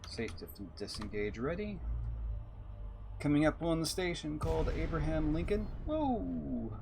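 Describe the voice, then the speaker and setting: A Texas man livestreams a space game, chatting, musing and reading out his chat. His voice is fairly high and animated at a normal speed, with background noise in the recording.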